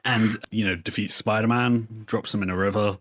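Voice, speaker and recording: A man with a very low-pitched voice co-hosts a casual podcast. He rambles through comic book plots in a loose, profane, chatty way. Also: steady tone, a bit bright. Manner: rambling, profane storytelling with quick put-on quotes. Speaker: podcast co-host. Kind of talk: casual chat recapping comics.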